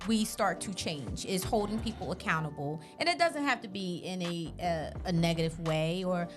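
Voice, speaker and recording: A woman's voice: fairly low pitch, normal speed, over music. Supportive woman podcast co-host. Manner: relaxed, supportive listener with frequent affirmations. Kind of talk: casual podcast chat.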